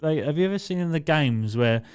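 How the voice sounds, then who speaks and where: A young man co-hosts a podcast and tells stories in casual chat, swearing freely. His pitch sits a bit high and swings widely as he acts out the scenes. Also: a little fast, clear, resonant tone. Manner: swears a lot, animated retelling with laughter. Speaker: podcast co-host.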